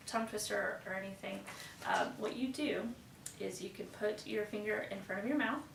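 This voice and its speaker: A woman's voice: medium pitch, gravelly, fairly bright tone, recorded from a distance. A woman teaching English pronunciation to a class, praising students often and reciting tongue twisters with care. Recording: roomy echo, voice away from the mic, faint background noise.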